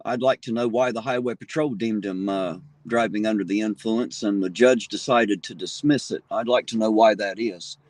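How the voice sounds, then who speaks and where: Fired up and profane, a 40-something livestream host rants on the street into his phone. He speaks at normal speed with few pauses in a lowish, slightly mellow voice, with no echo.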